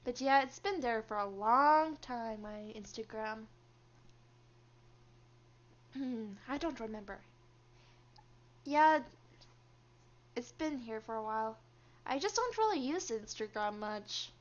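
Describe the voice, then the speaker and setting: High-voiced woman streaming a game. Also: expressive, slow, pauses often, lo-fi sound. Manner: chatty, reads story lines aloud, laughs often. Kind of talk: game stream, reading story text aloud and chatting.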